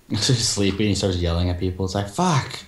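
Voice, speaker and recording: Deep-voiced man, echoey room. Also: steady tone, a little fast. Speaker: channel host playing a block-building game. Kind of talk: casual gaming chat.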